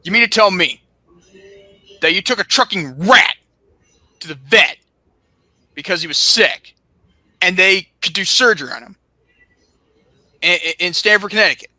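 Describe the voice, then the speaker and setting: A young man lowering his voice slightly to play a skeptical boss interrupting in disbelief over the phone. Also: moderate pace, pauses often, no room sound, heavily acted, poor audio. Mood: incredulous. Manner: flat, incredulous, interrupting.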